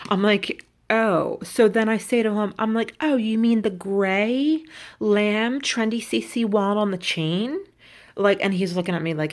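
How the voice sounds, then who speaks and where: A woman vlogging about luxury shopping, telling a story in an animated, indignant way. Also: mid-range voice, measured pace. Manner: animated, indignant, quotes people in put-on voices. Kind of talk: casual storytelling rant.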